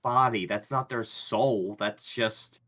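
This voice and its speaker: A man playing his character in a tabletop game, talking in a halting way with restarts. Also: fairly low pitch, steady tone, sharp tone. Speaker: player.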